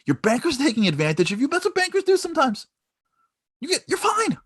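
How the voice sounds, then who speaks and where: A man's voice: on the high side, fast, voice pushed up. A man voicing a wise older billionaire investor, blunt and lecturing. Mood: emphatic. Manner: blunt, lecturing, builds to loud.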